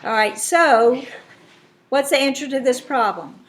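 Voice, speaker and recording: A woman's voice: high-pitched, unhurried. Woman teaching a math lesson. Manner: explains step by step, checks in with students. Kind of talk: classroom lesson.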